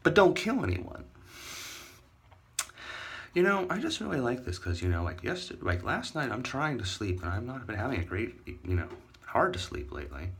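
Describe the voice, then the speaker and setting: A man's voice: medium pitch, very animated, normal speed, fairly bright tone, breathy edge. A man ranting to his viewers in a casual vlog, rambling, sarcastic and swearing, talking straight to his audience. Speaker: vlogger.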